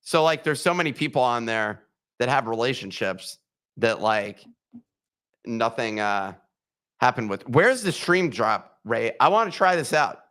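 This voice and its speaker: A man's voice: mid-range voice, lively intonation, unhurried, a bit bright. Man co-hosting a casual podcast. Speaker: podcast co-host.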